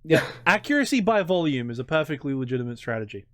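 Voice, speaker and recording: An Australian man hosting a history channel, chatting casually in an interview, joking and self-deprecating with halting restarts. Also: fairly high pitch, sing-song, a crowd in the background.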